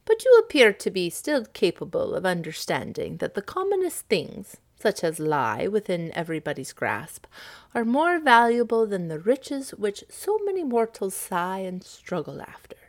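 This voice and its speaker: A woman voicing a smiling, mysterious male stranger in a storybook reading, slow and measured. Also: medium pitch, huge pitch swings. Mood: solemn.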